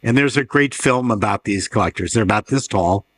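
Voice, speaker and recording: A middle-aged man with a fairly low voice leads a casual panel conversation. He fires off quick questions and adds wry, dry remarks between them. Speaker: interviewer.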